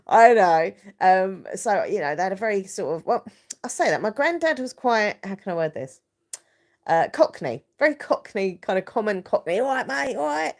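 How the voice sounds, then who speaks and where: Chatty woman in her thirties, lowish voice, rambling live-stream host who reads out viewer comments. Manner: rambling, chatty, lots of fillers and restarts. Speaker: YouTuber hosting a live stream. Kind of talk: casual live chat, reading viewer comments.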